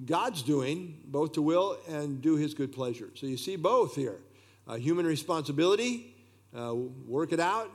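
A man teaching a verse-by-verse Bible study, unhurried, with plain explanations and frequent "uh" fillers. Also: a little high, animated.

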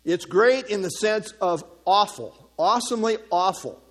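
A man's voice: sits high, normal speed, fairly bright tone. A man preaching an expository sermon, teaching earnestly from scripture with informal asides. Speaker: pastor.

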